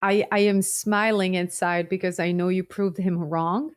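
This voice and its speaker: A woman's voice: on the low side, fairly even intonation, unhurried, clear, resonant tone. Supportive woman podcast host. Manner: supportive, encouraging. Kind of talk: interview podcast.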